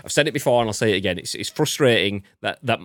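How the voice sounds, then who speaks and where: Lively man hosting a podcast. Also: on the low side, fast talker, dry recording. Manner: joking, swears freely, reads news aloud. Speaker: podcast host. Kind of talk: casual podcast chat.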